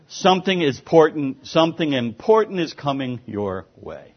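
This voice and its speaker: A man's voice: a little high, big pitch swings, normal speed, few pauses, dull audio. A man preaching a sermon as pastor, earnest and emphatic, sometimes stumbling over repeated words.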